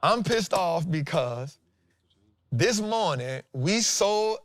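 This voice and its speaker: Animated fortysomething man host, dry sound. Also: high-pitched, takes it slowly, no echo. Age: 40s. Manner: animated, emphatic, repeats lines for effect, slangy. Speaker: stock trading show host. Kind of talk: casual trading talk and chart breakdown.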